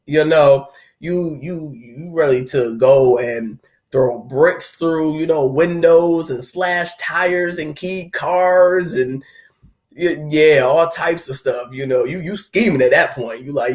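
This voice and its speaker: A young man hosts a spiritual video talk on heartbreak, speaking loosely and conversationally and acting out the inner voices of people going through it. His voice is a little high and his pace slow.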